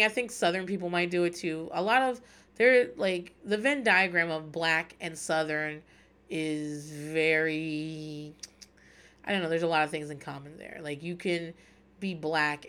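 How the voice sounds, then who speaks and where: Recapping a show on her podcast, this thirties-aged woman talks candidly and wryly, cursing freely along the way. Her voice sits low with a bit of brightness, and the feel is a casual chat.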